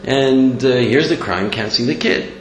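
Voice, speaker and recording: Animated man teaching in an echoey room. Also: medium pitch, measured pace. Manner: animated, acts out voices in stories. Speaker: Torah teacher. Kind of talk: Torah lesson with storytelling. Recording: echoey room with faint hum.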